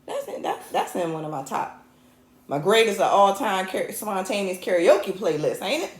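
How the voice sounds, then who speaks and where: A woman's voice: medium pitch, lively intonation, normal speed. Fired-up woman host, echoey room. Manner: impassioned and fired up, mixing jokes with anger; chatty, addresses viewers as y'all. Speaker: host and technical producer. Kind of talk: livestreamed talk show monologue. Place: home show set. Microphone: camera mic.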